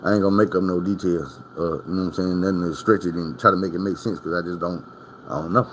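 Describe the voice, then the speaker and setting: A man's voice: low-pitched, fairly even intonation, fast talker, a bit bright, a little hiss or hum. A man from Arkansas, telling prison stories in a casual storytime monologue. His talk is profane and rambling, full of asides to the listener.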